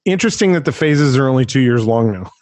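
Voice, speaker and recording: Podcast host, man, mid-pitched, chatty and animated, dry close sound. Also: fast, no echo. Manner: animated, chatty, laughs often. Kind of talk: casual chat.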